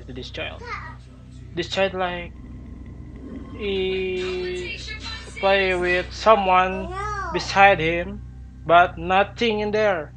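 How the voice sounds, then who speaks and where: Slow-spoken man reacting with startled exclaims. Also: high voice, a bit bright, rough recording. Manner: slow, halting, exclaiming in surprise. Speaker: reaction video host. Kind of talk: reacting to a video, commentary.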